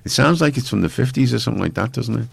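A man's voice: mid-range voice, animated, racing, gravelly, slightly rough, dry recording. A man hosting a local radio show, chatting casually in a rambling, jokey way. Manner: rambling, jokey, self-mocking. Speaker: radio host.

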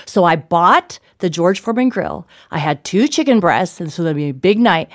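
A woman's voice: on the low side, normal speed, no echo, clean studio sound. A middle-aged woman, a guest author in an interview, telling stories animatedly and acting out the dialogue. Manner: animated storyteller, acts out dialogue, laughs often. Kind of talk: interview chat.

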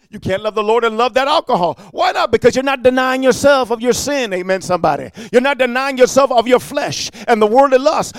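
A preacher giving a fiery sermon, firing off rebukes and rhetorical questions with repeated "amen" and "huh", moving between quiet storytelling and loud warnings. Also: male voice, extremely high pitch, fairly quick, few pauses, clean tone, dry recording.

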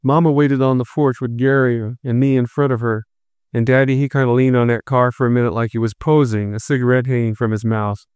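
A man narrating a first-person story in a steady, reflective read. His voice is smooth and clear, and the recording is dry and close. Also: mid-range voice, a little fast, no room sound. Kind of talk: scripted narration.

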